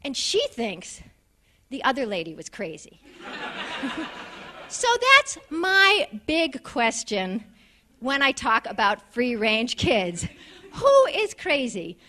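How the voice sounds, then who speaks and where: A middle-aged woman from the United States with a New York accent, telling a comic story to an audience and acting out voices with quick asides. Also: on the high side, very animated, bright, forceful tone.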